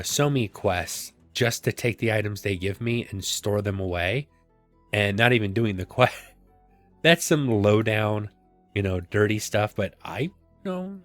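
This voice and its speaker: Speaking into a desk mic, this let's-play host has a lowish voice with a fairly bright tone. He keeps up a chatty, self-deprecating commentary as he plays a video game, drifting into rambling tangents.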